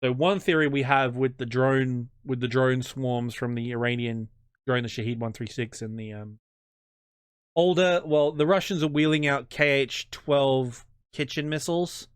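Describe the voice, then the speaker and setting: Joking Australian man, crisp dry voice. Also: medium pitch, fairly even intonation, no echo. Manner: joking, self-deprecating, halting restarts. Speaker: history channel host. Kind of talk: casual interview chat.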